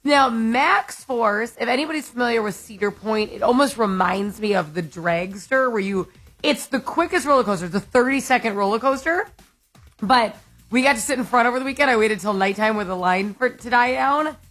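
A woman with a high, slightly breathy voice chats as a radio co-host, animated and quick to laugh. Her stories tumble out in a casual, excited way, with faint music underneath. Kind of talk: casual chat.

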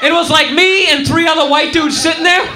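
A man performing live stand-up comedy on a club stage, telling a story in an animated way and acting out the people in it. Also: very high-pitched, brisk, background noise. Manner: animated storytelling, acts out characters, crowd laughing. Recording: roomy live club recording with crowd.

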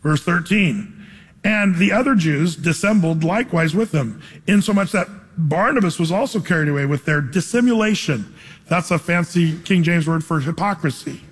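A man preaching a sermon as pastor, talking conversationally and emphatically, with lively acted asides. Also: on the high side, moderate pace, breathy edge. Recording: hall reverb.

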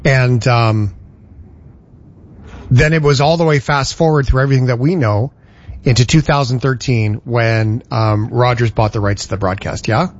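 A man's voice: medium pitch, moderate pace, lo-fi sound. A man co-hosting a casual chat, eagerly urging his partner on. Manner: enthusiastic, eggs on his partner. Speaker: podcast co-host.

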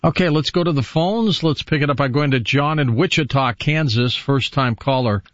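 A man hosting a talk radio show, taking calls briskly. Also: mid-range voice, a bit bright, no room sound. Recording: dry, slightly dull radio audio.

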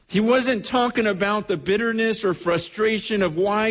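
A man's voice: high-pitched, moderate pace, few pauses, fairly bright tone. A man preaching a sermon as pastor, telling stories earnestly and often repeating words as he goes. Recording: echoey hall with long reverb.

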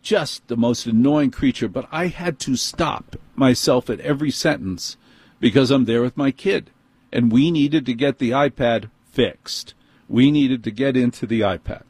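A man's voice: mid-range voice, a little slow, a little mellow, slightly rough, dry recording. A middle-aged man with a New York accent, hosting and telling a personal story in an exasperated, emphatic way.

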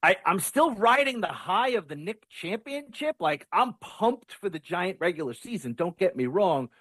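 Man, high pitched, excitable, repeats himself, sports podcast guest. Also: moderate pace, breathy edge, dry recording. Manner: excitable, repeats words when starting. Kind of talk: casual sports talk.

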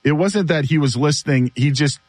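A man hosting a sports radio show, telling stories in a casual, animated way and laughing often. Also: fairly high pitch, fairly quick, no room sound.

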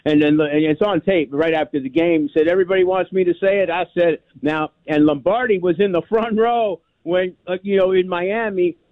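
A man's voice: high-pitched, steady tone, brisk, few pauses, no echo. Older man calling in on a tinny phone line. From New York. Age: 60s. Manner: rambling, repetitive, emphatic. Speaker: caller. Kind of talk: sports radio call-in. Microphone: telephone.

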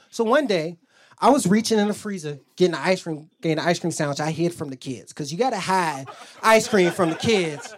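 A man's voice: high-pitched, lively intonation, a little fast. A young man doing a profane stand-up routine, telling stories and acting out quotes. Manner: profane, storytelling, acts out quotes, audience laughs. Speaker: stand-up comedian.

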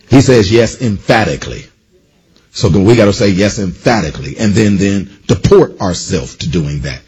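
Preacher man with a husky voice. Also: lowish voice, a little mellow. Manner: emphatic call-and-response preaching; informal, playful asides. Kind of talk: sermon.

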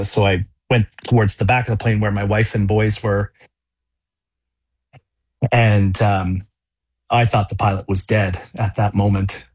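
Halting, dry-voiced man recounting. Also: fairly low pitch, dry recording. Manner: halting, many fillers and restarts. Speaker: radio interview guest. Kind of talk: casual phone-in interview.

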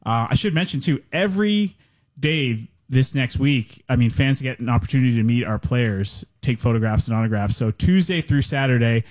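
A man who is a team marketing executive, slightly out of breath, briskly listing event details in a casual radio interview. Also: medium pitch, animated, a little mellow.

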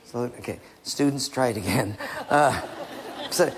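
A man preaching a sermon with a gravelly, husky voice, acting out scenes in changing voices. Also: mid-range voice, a little slow. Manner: acts out biblical and household scenes in shifting voices. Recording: long reverb of a large hall.

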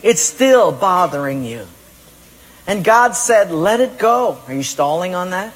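A pastor preaching to his congregation, with a husky, fairly high voice. His words ring out with long reverb in a church hall. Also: animated, unhurried. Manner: questions the congregation directly, storytelling. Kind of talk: sermon.

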